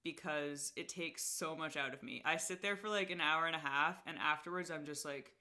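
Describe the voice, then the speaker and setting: Chatty young woman, bright voice. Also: deep voice, moderate pace. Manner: chatty, lots of "like", laughs often. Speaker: podcast host as guest. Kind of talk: casual interview chat.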